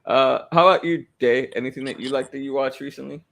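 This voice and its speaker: A man's voice: mid-range voice, quick pace, vocal fry, slight background noise. A man from Illinois hosting a casual podcast chat, loose and joking, with some swearing. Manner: relaxed, swearing, laughing banter. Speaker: podcast host.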